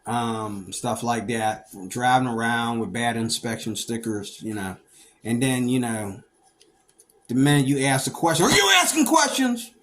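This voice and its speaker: A middle-aged man from Pennsylvania telling stories from his past in a rambling, animated way, breaking into loud bursts when he acts out what others said. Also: mid-range voice, unhurried, slight background noise. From Pennsylvania, United States. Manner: rambling, animated, acts out quoted people with sudden loud outbursts. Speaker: storyteller recounting his past. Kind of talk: casual monologue.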